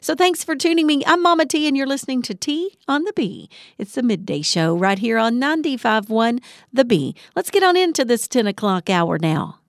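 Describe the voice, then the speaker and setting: A woman's voice: on the high side, lively intonation, normal speed, dry recording, studio quality. A woman hosting a midday radio show, chatty and welcoming as she greets listeners. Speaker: radio host. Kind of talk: upbeat radio show opening.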